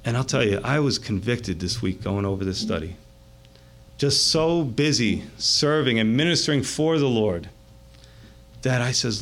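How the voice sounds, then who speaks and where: A man pastor preaching a sermon in a conversational, animated way that keeps checking in with the listeners. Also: medium pitch, unhurried, long pauses.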